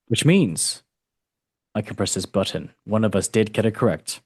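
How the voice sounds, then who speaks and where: A man's voice: on the low side, lively intonation, moderate pace, background noise. A man hosting a casual football show and quiz, talking in a playful, self-mocking way with big swings in delivery. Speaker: show host and quizmaster. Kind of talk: casual online show chat.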